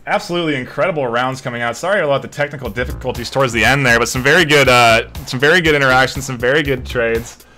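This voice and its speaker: A man's voice: mid-range voice, quick pace, pushed and bright, faint music behind. A man casting a live esports match, rambling loosely and swearing casually. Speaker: esports shoutcaster. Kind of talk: casual live stream commentary.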